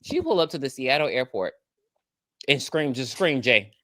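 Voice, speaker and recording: A woman's voice: very deep voice, big pitch swings, moderate pace, fairly bright tone, dry recording, clean studio sound. A woman co-hosting a podcast, recapping a movie in casual, profane chat and acting out the characters' lines. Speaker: podcast co-host.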